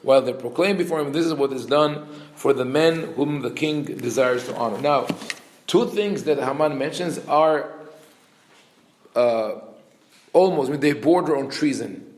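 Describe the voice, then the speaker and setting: A man teaches a Torah class as a rabbi. His voice sits at a medium pitch, and he reads Hebrew verses fast before explaining them. He acts out the characters' lines with lively intonation, and the room gives the recording a noticeable echo. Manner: explains verses, reading Hebrew quickly then translating.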